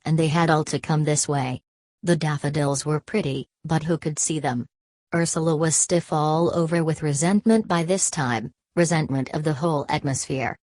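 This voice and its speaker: Audiobook narrator, woman, low deep register, dry close sound, measured delivery. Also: dry recording. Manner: steady, measured reading with quoted dialogue. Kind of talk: scripted narration.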